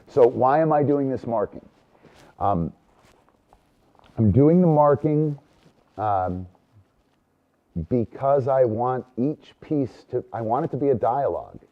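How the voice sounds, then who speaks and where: A man teaching dog training in a casual demonstration, relaxed, breaking off to give his dogs short cues and checking in with "right?" as he explains. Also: lowish voice, muffled recording.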